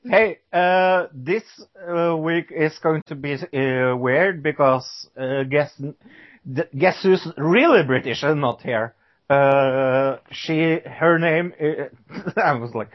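A Norwegian man hosts a casual podcast, joking around playfully and hesitantly while putting on a joke British persona. His voice sits a little high and he takes things slowly. The lo-fi sound is dull.

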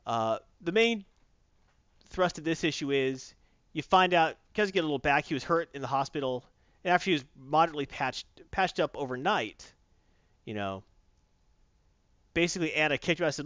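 A man's voice: fairly high pitch, lively intonation, a little fast, pauses often, fairly bright tone, dry recording. A man casually reviewing a comic book, retelling it in a rambling, enthusiastic way, in a dull lo-fi recording.

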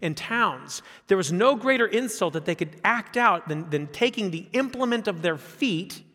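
A man in his fifties preaching a sermon as a pastor, animated, repeating phrases and asking rhetorical questions. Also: sits high, normal speed. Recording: long hall reverb.

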